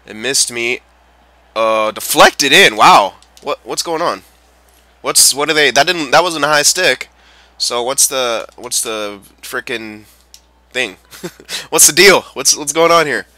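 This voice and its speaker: A young man giving excitable, swearing live commentary while playing a video game. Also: medium pitch, slow, no room sound. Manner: excitable, swears and yells at players. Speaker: gameplay commentator.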